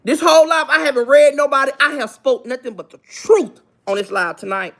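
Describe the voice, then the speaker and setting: A woman's voice: high-pitched, fairly quick. A woman hosting a gossip livestream, lecturing in a preachy, emphatic way and repeating her points. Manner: preachy, repetitive, emphatic, asks for amens. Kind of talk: livestream commentary.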